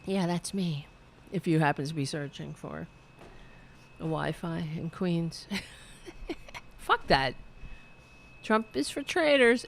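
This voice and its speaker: A woman's voice: lowish voice, expressive, slow pace, gravelly, long pauses, a little hiss or hum. Profane New woman ranting. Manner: profane, sarcastic, heated ranting; reads viewer chat aloud. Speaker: political commentary host. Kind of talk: ranting livestream commentary.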